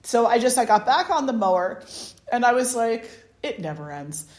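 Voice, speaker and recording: A woman's voice: fairly high pitch, moderate pace. Chatty woman giving a spiritual talk. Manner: chatty and animated, laughs often, frequent restarts. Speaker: spiritual teacher leading a satsang. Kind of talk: informal spiritual talk with anecdotes. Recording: roomy echo.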